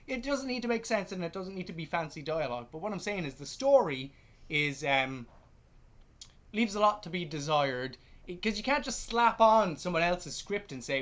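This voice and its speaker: Stubborn guy on a podcast call, goes loud then mumbly, ranting about a movie. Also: a little fast. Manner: stubborn, animated, trails off into low mumbles. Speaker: podcast co-host, film critic. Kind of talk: casual film review chat.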